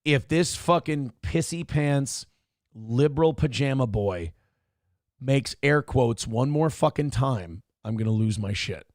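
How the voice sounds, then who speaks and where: A man's voice: mid-range voice, lively intonation, unhurried, darkish tone, dry recording, studio quality. A man hosting a morning show, mocking a clip in a sarcastic, profane rant. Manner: sarcastic, ranting, swears freely. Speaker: show host reacting to clips.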